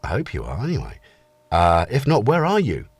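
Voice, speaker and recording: Middle-aged male stream host, casual and chatty, animated voice, dry close sound. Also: lowish voice, moderate pace, slightly rough, no echo. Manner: chatty, greets viewers in chat one by one. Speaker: livestream host. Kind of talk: casual live-stream chat.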